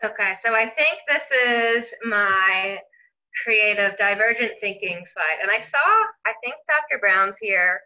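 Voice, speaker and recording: Woman, co-presenter, casual, friendly, mid pitch, dull call audio. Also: a little slow. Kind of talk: online presentation.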